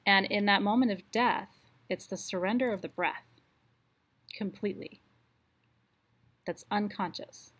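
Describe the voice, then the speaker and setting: A woman leading a live online ritual, speaking slowly and soothingly as she guides a meditation, with her voice dropping softer for the affirmations. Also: mid-range voice.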